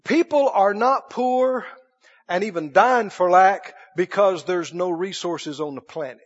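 A man preaching a sermon emphatically, repeating phrases and rising into shouts. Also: high-pitched, measured pace. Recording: dull lo-fi recording.

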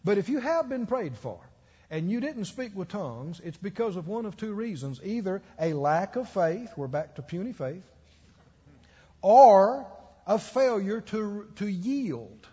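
A preacher delivers his sermon in a high, slightly husky voice, acting out the people in his stories. The recording is muffled, and a long echo hangs in the church hall. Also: unhurried. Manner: animated storytelling with acted-out quotes and laughter. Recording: dull echoey church hall.

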